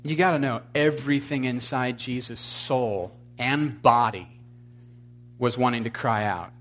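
A man's voice: medium pitch, a little slow, a bit bright. A man preaching a sermon with emphatic delivery. He questions his congregation, adds wry, blunt humor, and builds to fervent exclamations. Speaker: pastor.

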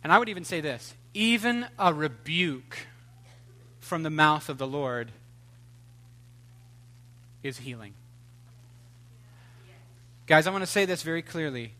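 A man preaching a sermon with a high, bright voice. He talks in an animated, humorous way, swinging between loud outbursts and quiet, hushed asides. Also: unhurried, pauses often. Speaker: pastor.

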